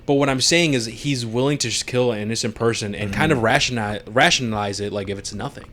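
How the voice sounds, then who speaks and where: A man co-hosting a podcast, recapping a show in casual chat, animated and laughing often as he acts out the characters' lines. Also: mid-range voice, quick pace, a little hiss or hum. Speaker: podcast co-host.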